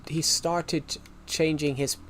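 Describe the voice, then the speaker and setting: A man's voice: on the high side, little pitch movement, slow pace, a bit bright, slight background noise. A young British man in his twenties chatting casually on a live stream, rambling with many restarts and questions to his viewers. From United Kingdom. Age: 20s.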